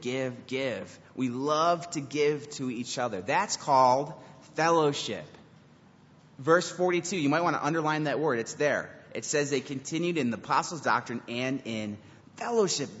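A young man, a youth pastor, giving an animated sermon and acting out quotes from teens and God. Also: fairly high pitch. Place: church hall. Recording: dull lo-fi recording with hall reverb.

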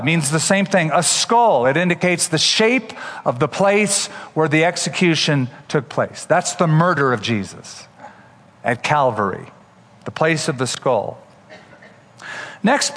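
A man's voice: on the high side, expressive, measured pace, a bit bright, big-room sound. A man preaching a sermon as pastor, explaining scripture with humorous asides.

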